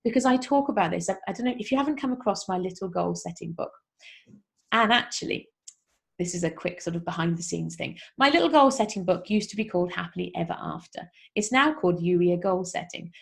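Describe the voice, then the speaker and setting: A woman's voice: on the low side, animated, brisk, vocal fry. A woman hosting a self-help podcast, talking casually and encouragingly to her listeners, upbeat and chatty, with asides. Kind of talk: casual motivational talk to listeners.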